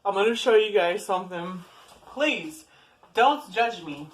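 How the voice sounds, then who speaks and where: A woman's voice: mid-range voice, expressive, a little slow, rough recording. A woman vlogging casually to camera from her home, chatty, giggly and rambling. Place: at home, indoors.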